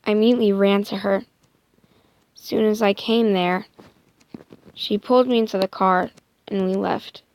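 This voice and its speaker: A woman improvising a first-person story in a soft, hesitant way, often dropping into a whisper and correcting herself. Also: mid-range voice, fairly even intonation, normal speed, pauses often, a little hiss or hum.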